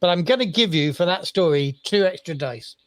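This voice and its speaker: A man running a tabletop role-playing game as game master, relaxed and rambling with many fillers. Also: high voice, brisk, no room sound.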